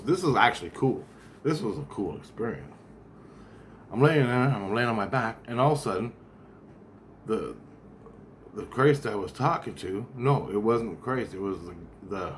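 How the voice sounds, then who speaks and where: A man's voice: on the low side, a little hiss or hum. A man talking straight to the camera in a rambling, profane monologue that keeps doubling back and repeating itself. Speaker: vlogger.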